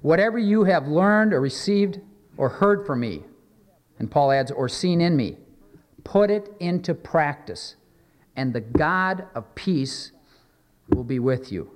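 A man's voice: on the high side, lively intonation. Earnest male pastor preaching in a reverberant hall. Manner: earnest, measured preaching with slow emphatic scripture readings. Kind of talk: sermon.

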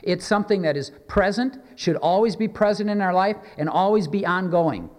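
A man preaching a sermon as pastor, earnest and measured, slowing down for emphatic scripture readings. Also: sits high, big-room sound.

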